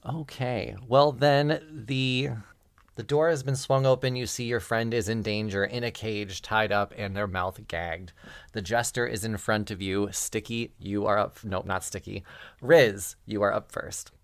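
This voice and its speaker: Slow-talking man narrating as game master. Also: on the low side, steady tone, smooth, no room sound. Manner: unhurried narration, chuckling often.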